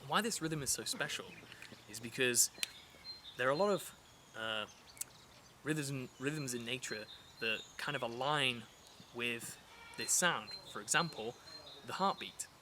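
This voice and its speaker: In a mid-range, expressive voice at a measured pace, a man explains poetry in a chatty, casual lesson full of fillers and restarts. The outdoor recording carries noticeable background noise, with birds and rural ambience clearly heard.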